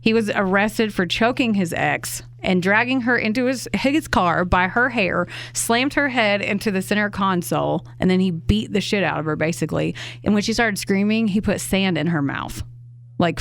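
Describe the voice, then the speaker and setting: Her medium-pitched voice is gravelly and moves at a normal speed as this podcast co-host narrates a true crime case conversationally, adding indignant remarks peppered with swearing.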